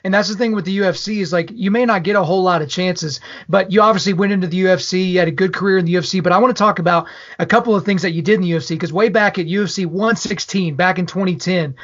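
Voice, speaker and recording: A man's voice: high-pitched, racing, hardly any pauses, fairly bright tone. A man hosting a podcast, enthusiastic and asking long, detailed questions. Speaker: podcast host. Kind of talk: casual interview. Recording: slightly dull podcast audio.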